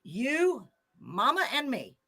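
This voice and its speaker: A woman's voice: sits high, wildly swooping pitch, slow, bright, forceful tone. Emotional older woman radio host. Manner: emotional, gushing, laughs often. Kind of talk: casual chat.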